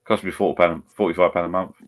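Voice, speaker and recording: Deep-voiced rambling Essex man. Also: flat delivery, fast. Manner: rambling, chatty, blokey. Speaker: live stream host. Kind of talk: casual banter over a video call. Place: at home beside a laptop.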